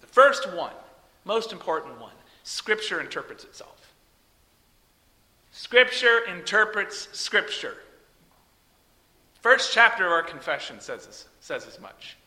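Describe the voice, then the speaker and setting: A male preacher delivering an expository sermon, emphatic, swinging from loud peaks to soft trailing phrase ends, mocking when quoting a rival teacher. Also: high voice, big pitch swings, a little slow, pauses often. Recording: long hall reverb.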